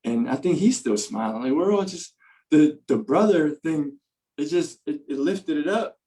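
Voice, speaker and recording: Animated man telling a story casually. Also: a little high, normal speed, poor audio. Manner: animated, lots of "like" and "you know"; laughs often while telling the story. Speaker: podcast guest.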